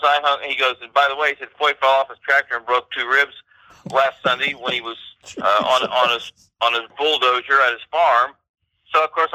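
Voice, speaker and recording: Fast-talking bright man telling stories. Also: medium pitch, no room sound, poor audio. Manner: chatty anecdotes with quoted voices. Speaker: co-host. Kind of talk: casual podcast chat, storytelling.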